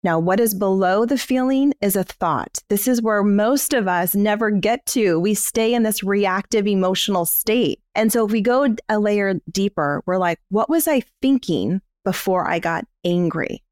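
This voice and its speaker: Speaking at a moderate pace with few pauses, a woman co-hosting a podcast explains her ideas in a casual, candid way, cursing freely. Her medium-pitched voice is a little mellow, and the studio recording is clean and dry.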